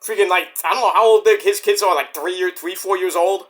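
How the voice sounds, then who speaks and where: A man's voice: sits high, fairly quick. A man hosting a podcast, rambling casually about wrestling, swearing and acting out little scenes as he goes. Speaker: podcast host.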